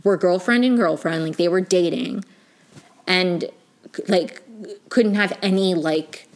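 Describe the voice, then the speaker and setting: A young woman with a fairly low, slightly slow voice rambles through a casual, chatty review of a show, leaning on "like" and restarting her sentences. She's a TV review vlogger and sounds gushing and emotionally invested.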